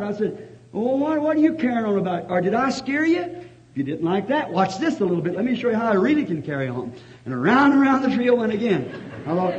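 A preacher with a high, ringing voice tells a folksy story in a sermon. He climbs from easy storytelling into fervent shouts of praise. The old recording sounds dull and lo-fi. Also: very animated, a little fast.

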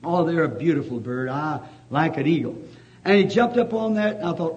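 A man preaching a sermon, telling a folksy story that rises to fervent shouting. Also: on the high side, moderate pace. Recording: dull lo-fi old recording.

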